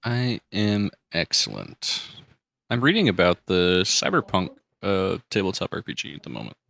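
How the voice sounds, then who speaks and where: Man, player, eager, talkative, gravelly, lively pitch. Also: brisk. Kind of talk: casual chat.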